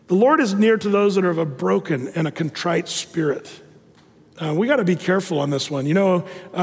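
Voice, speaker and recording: A man preaching with animated scorn against false teaching, acting out the people he quotes. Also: high-pitched, long reverb tail. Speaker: pastor.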